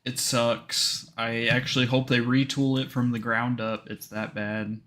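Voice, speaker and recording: A man's voice: mid-range voice, level tone, measured pace, fairly bright tone. A man co-hosting a casual livestream chat, blunt and profane and teasing his co-host.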